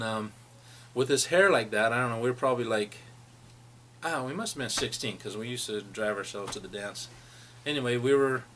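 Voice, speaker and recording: Bright-voiced man telling old stories. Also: medium pitch, a little hiss or hum. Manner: rambling, laughing as he reminisces. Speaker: friend sharing memories. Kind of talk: personal storytelling.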